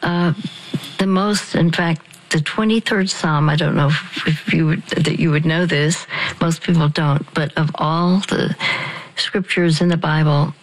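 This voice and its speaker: A woman hosting a radio ministry program, teaching a devotional practice in a slow, halting way with frequent restarts. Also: low voice, rough recording.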